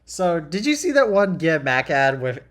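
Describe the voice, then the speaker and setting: A man's voice: on the high side, very animated, normal speed, fairly bright tone. Teen guy on a podcast, rambly, restarts a lot, sarcastic. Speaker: podcast host. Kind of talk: casual podcast chat.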